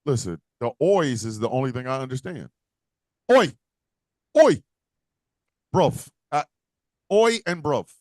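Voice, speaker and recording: A man's voice: medium pitch, big pitch swings, moderate pace, darkish tone, dry recording, clean studio sound. A man co-hosting a casual wrestling podcast, ranting with profanity and slipping into mock voices. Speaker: podcast co-host.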